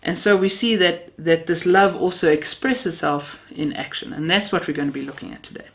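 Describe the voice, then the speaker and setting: A woman's voice: on the low side, fairly quick. A woman from Namibia, preaching a sermon built on personal stories, heartfelt with a self-mocking sense of humor.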